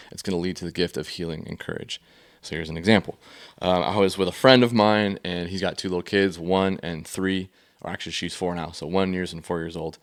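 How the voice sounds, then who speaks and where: Guy with a lowish voice teaching about feelings, chatty, tells stories, lots of "like" and "um". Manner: conversational, storytelling with many fillers. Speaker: faith-based emotional health teacher. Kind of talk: casual teaching talk.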